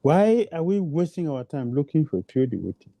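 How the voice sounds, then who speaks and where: A man's voice: on the high side, very animated, fairly quick, mellow, dry recording. A man giving a devotional lecture, repeating phrases for emphasis and asking rhetorical questions, in non-native English phrasing. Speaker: preacher.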